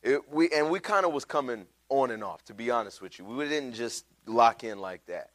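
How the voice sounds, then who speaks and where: A man's voice: mid-range voice, expressive, moderate pace. A middle-aged pastor preaching a sermon, telling his own story in a casual, heartfelt way. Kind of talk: sermon with personal testimony.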